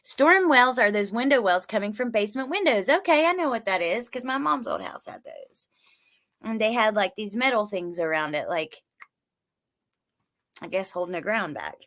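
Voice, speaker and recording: Her mid-range voice is expressive and a bit bright, moving at a moderate clip. She's a true crime livestreamer recapping trial notes and chatting with her audience, reacting to their comments and swearing when angered.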